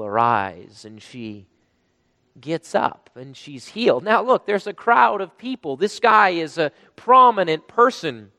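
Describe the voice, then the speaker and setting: A man preaching a sermon, emphatic, rising to loud bursts when he quotes. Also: on the high side, dry recording, big-room sound. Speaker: pastor.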